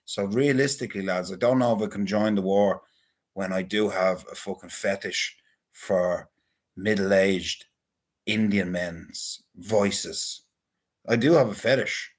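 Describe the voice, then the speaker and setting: A man with a husky, slightly rough voice rambles through a casual monologue to his viewers. His talk is crude and loose, full of swearing and offhand banter. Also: low voice, a little slow. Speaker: vlogger.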